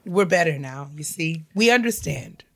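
A woman co-hosting a podcast in casual chat, telling quick family stories with frequent laughter and playful apologies. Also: deep voice, expressive, creaky. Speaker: podcast co-host.

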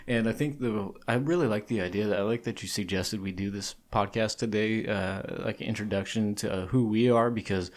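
A man's voice: lowish voice, fairly quick, few pauses. A man co-hosting a podcast in casual chat, joking and enthusiastic as he talks. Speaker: podcast co-host. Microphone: studio podcast mic across a table.

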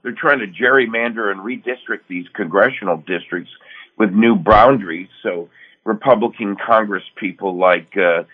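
A man's voice: fairly low pitch, moderate pace, breathy edge. An older man from the Northeast US, a radio co-host telling a folksy personal story in casual chat. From Connecticut, US Northeast. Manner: folksy storyteller who acts out quoted dialogue. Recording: tinny phone-like radio line.

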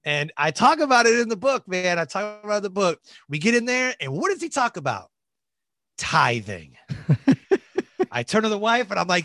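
A man's voice: high voice, moderate pace, dry recording. A middle-aged man, a podcast guest, telling a personal story in casual conversation, acting out what others said and laughing often. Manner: animated, laughs and quotes people in lively voices.

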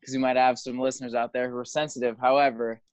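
A man's voice: mid-range voice, flat delivery, fast, no echo. A man guesting on a podcast, chatting casually with wry, self-deprecating humor. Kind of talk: casual chat. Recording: dull, dry lo-fi sound.

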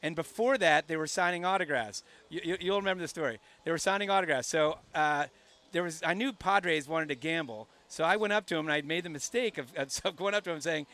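Man, middle-aged, podcast host, animated storyteller, higher voice. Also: a little fast. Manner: animated storyteller, laughs often. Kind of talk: casual chat.

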